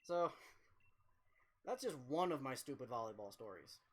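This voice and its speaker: A young man chats casually on a game livestream. He rambles and swears freely while he mocks himself. His voice sits at an ordinary pitch. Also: big pitch swings, unhurried. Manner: rambling, profane, self-mocking. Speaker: streamer.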